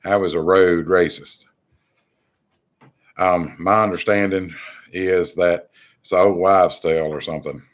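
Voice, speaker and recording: Deep, low-pitched male host; exasperated, rambling commentary delivery. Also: steady tone, measured pace, long pauses. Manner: rambling, many ums and restarts, exasperated. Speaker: channel host. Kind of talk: political commentary monologue.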